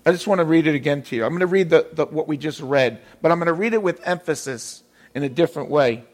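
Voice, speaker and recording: A man's voice: on the high side, quick pace. A man preaching a sermon in an emphatic way, repeating his key phrases.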